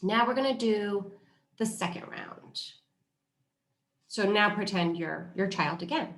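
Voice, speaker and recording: A woman hosting a parenting workshop, talking in a lively way and acting out what parents and children say. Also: lowish voice, moderate pace, roomy sound.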